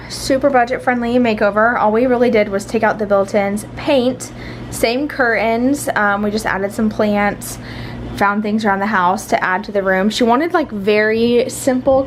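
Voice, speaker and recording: A woman's voice: fairly high pitch, unhurried, a little hiss or hum. Chatty woman vlogger. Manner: chatty, rambling, with many fillers. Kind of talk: casual home vlog chat.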